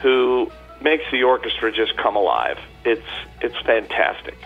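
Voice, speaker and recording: A man's voice: medium pitch, very animated, a little slow, vocal fry, narrow, tinny audio, soft background music. A man guest on a radio interview, a chatty storyteller with many fillers and restarts. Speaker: tribute performer guest.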